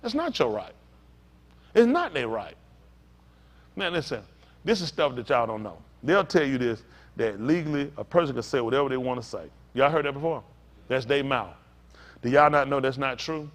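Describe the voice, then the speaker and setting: A man's voice: mid-range voice, lively intonation, normal speed, long pauses. A male pastor teaching a sermon in a conversational storytelling way, talking straight to the congregation.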